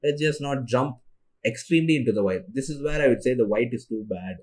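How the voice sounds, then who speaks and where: A man's voice: mid-range voice, lively intonation, a little fast, a little mellow. Young adult male solo podcaster, native Tamil speaker, tired rambling delivery. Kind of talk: casual monologue.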